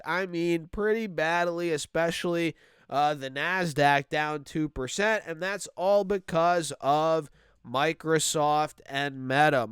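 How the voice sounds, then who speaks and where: A man's voice: fairly high pitch, clear, resonant tone, dry recording, studio quality. Nasal, stuffy-nosed man talking stocks. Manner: energetic, addresses viewers as guys, thinks aloud with fillers. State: stuffy nose from allergies. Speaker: stock market video host. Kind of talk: casual market commentary.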